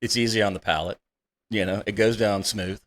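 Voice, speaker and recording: A man with a lowish voice talks in an easygoing, agreeable way during a casual studio podcast. He explains his view calmly and goes along with his co-host. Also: a little fast. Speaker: podcast guest. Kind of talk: casual chat.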